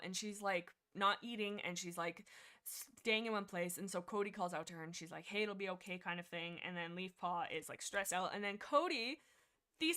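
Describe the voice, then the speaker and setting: A young woman talks through a book on her livestream in a loose, rambling way. She gets excitable, restarts her sentences often and fills gaps with lots of fillers. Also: medium pitch. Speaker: livestream host. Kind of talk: casual book discussion livestream.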